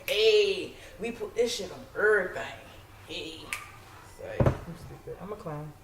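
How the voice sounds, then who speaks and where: A woman chats and jokes at her own expense while she cooks, talking straight to camera in a relaxed, self-mocking way. The sound is an echoey home kitchen with steady background noise. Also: lowish voice, measured pace. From Maryland. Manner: chatty, joking, self-mocking. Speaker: home cooking vlogger. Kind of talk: casual cooking chat to camera.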